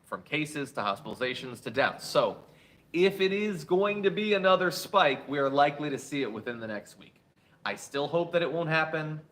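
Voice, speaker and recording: A man's voice: fairly high pitch, fairly bright tone. A man hosting a political commentary show, reading viewer chats with wry asides, and saying he is tired.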